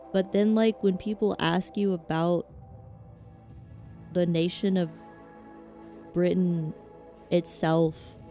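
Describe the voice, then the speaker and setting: Low, mellow Southern-accented woman streamer. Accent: Southern American. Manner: meandering, self-mocking rambling. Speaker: VTuber streamer. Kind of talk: casual gaming-stream chat.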